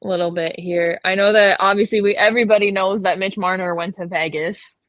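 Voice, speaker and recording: A young woman from Canada, co-hosting a podcast in casual chat, talkative and quick to exclaim and laugh. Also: mid-range voice, steady tone, fairly bright tone, no room sound, clean studio sound. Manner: chatty, exclamatory, laughs often. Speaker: podcast co-host.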